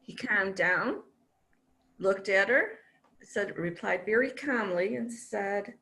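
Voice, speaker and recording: A woman telling a joke at a speaking club meeting in an unhurried storytelling manner over a video call. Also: mid-range voice, animated, gravelly, pushed and bright.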